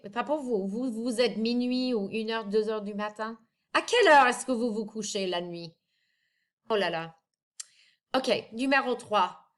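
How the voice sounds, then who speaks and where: A friendly woman teacher talks her class through a lesson from home. Her voice sits a little high, and she keeps a loose, chatty flow as she moves between English and French. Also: moderate pace.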